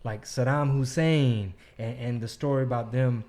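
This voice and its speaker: A man's voice: medium pitch, steady tone, darkish tone. Chatty man hosting a podcast. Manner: eager backchanneling with quick yeahs, mixes in Spanish slang. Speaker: podcast host. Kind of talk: casual podcast chat.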